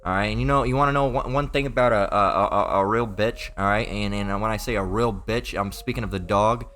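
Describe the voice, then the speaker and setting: Low-voiced man preaching profanely. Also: fairly quick, a bit bright, faint music behind. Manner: rambling, profane, emphatic, repeats filler tags. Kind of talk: informal online sermon.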